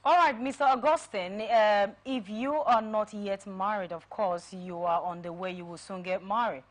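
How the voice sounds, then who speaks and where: A woman's voice: medium pitch, moderate pace. A woman hosting a talk show, interviewing a guest with probing questions and frequent fillers.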